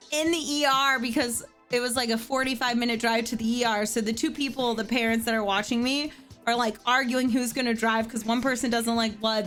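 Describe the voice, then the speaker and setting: Thirtysomething woman from pennsylvania telling a story, kinda high voice, says like a lot, bit of music underneath. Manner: animated, filler-heavy with frequent "like". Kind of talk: casual storytelling.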